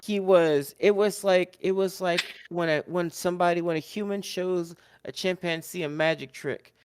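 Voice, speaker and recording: A man co-hosting a podcast, telling a wrestling recap in casual chat. He is animated, laughs often and acts out the wrestlers' lines. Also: high-pitched, moderate pace, noisy background. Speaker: podcast co-host.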